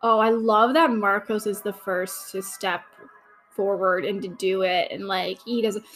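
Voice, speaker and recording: A woman's voice: mid-range voice, steady tone, unhurried, fairly bright tone, soft background music, low-quality recording. A young woman hosting a podcast, chatting casually through a watch-along commentary, gushing and full of fillers. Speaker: podcast host.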